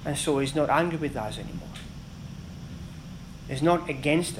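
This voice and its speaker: Man, preacher, sermon, earnest and emphatic, dramatic pauses, fairly high voice. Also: noisy background.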